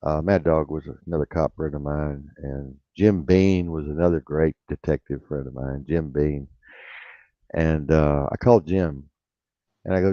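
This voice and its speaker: A man's voice: very deep voice, fairly even intonation, unhurried, mellow, no room sound. An older man telling a rambling, blunt and profane story in casual talk, repeating himself as he goes. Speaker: radio show host. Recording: dull lo-fi radio sound.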